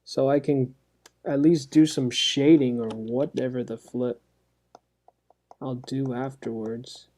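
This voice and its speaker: A man's voice: mid-range voice, fairly even intonation, takes it slowly, long pauses, a little mellow. Laid-back, goofy man narrating his coloring. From South Florida. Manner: goofy, rambling self-talk with sound effects. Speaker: artist coloring on stream. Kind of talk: casual chat while drawing.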